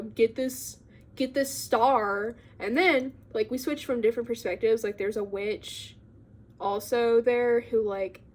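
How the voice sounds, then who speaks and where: This young woman, a book vlogger, talks through a book's plot in an easygoing, wandering fashion. Her slightly high voice carries lots of fillers and giggly side comments as she chats with her audience.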